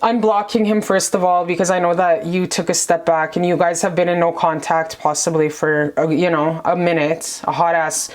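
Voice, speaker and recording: A woman's voice: fairly low pitch, flat delivery, moderate pace, few pauses, darkish tone. A woman giving a casual tarot reading to the camera, rambling and gushing, calling the viewer baby. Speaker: tarot reader. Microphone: camera mic.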